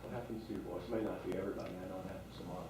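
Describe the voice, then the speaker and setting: A man's voice: low voice, fairly even intonation, rapid-fire, a loud crowd. A man leading a staff training class, talking conversationally and asking the room questions. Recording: echoey room from far off.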